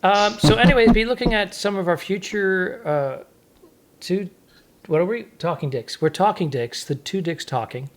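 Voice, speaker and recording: A man's voice: high voice, normal speed. A man co-hosting a comedy podcast in casual chat, joking and tossing in sound effects and asides. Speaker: podcast co-host.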